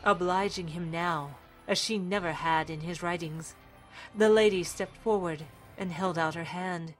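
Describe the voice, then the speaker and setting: A woman's voice: fairly low pitch, fairly even intonation, unhurried, faint music behind. A woman narrating a story in a dramatic, scripted reading style.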